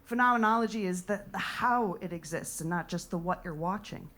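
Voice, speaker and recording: A woman's voice: lowish voice, brisk, a bit bright. A young American woman performing a rambling, playful stand-up set. She talks straight to the audience and drops into whispered asides. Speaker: comedian and improviser. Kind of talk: stand-up set at a live comedy night.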